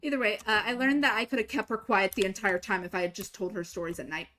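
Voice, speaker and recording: A young woman streaming a game, casually telling a story, swinging between exasperated, swearing outbursts and quiet asides. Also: medium pitch, fairly even intonation, fast talker. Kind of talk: casual storytelling while gaming.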